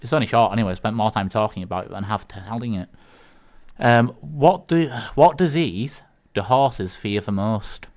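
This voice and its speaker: A man's voice: lowish voice, normal speed, a little mellow. A man co-hosting a casual community radio show, talking in a rambling, hesitant way with lots of ums, recorded in a studio. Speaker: radio co-host.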